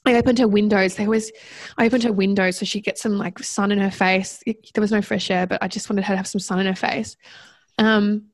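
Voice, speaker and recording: A woman guest recounting a personal story in conversation, reflective and halting, with many fillers and restarts. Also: medium pitch, fairly even intonation, no room sound.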